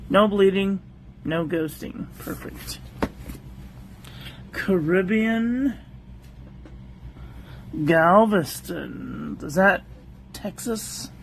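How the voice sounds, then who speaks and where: A fairly high-pitched man talks at an unhurried pace, ticking off stationery qualities in brief fragments. His delivery is casual and conversational, with friendly asides to live viewers as he goes. A soft hum of room ambience sits underneath. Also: expressive, vocal fry. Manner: unhurried, itemizing paper traits in short clipped phrases. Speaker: stationery reviewer. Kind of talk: casual livestream product review.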